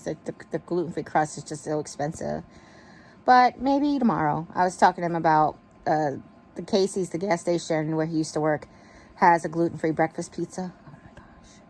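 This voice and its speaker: Casual woman vlogger, lower voice, rambling and warm toward her viewers, recorded in bed on an earbud mic. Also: slight background noise. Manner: chatty, rambling, affectionate. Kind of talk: casual chat to camera. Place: bedroom, in bed. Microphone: wireless earbud mic.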